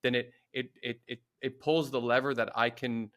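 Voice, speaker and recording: A man's voice: mid-range voice, little pitch movement, moderate pace, fairly bright tone. A man hosting a podcast who speaks reflectively and searches for his words as he goes. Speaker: podcast host. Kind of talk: conversational interview.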